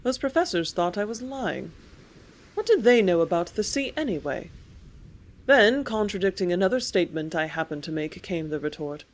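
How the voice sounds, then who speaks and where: A woman narrating an old first-person memoir as an audiobook, in a storytelling manner that grows lively in the dialogue. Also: lowish voice, normal speed.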